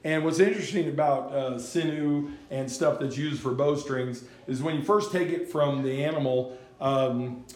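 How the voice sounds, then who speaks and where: A man's voice: medium pitch, fairly even intonation, normal speed, hardly any pauses, darkish tone. A male pastor preaching a sermon in a folksy, conversational storytelling manner. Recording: echoey room.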